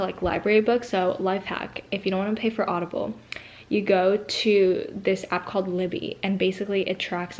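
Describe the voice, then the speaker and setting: A woman's voice: medium pitch, poor audio. Chatty young woman vlogging casually. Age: young adult. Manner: chatty, lots of "like" fillers. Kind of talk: casual vlog chat.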